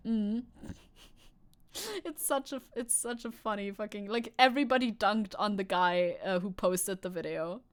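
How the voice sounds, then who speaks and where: A woman's voice: medium pitch, moderate pace. A young woman streamer chatting casually over news clips, rambling and swearing, laughing often and restarting her sentences. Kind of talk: casual live-stream chat.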